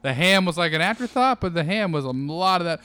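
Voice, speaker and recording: A man's voice: high voice, animated, a little fast, pushed and bright, smooth, no echo. A man co-hosting a casual chat, easygoing, agreeing often and swearing casually. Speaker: podcast co-host.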